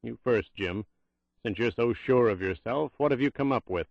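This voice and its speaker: A man's voice: medium pitch, normal speed, creaky, no room sound, highs cut off. A man voicing a harsh, impatient American president with a Southern drawl who curses and demands answers. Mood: angry demanding.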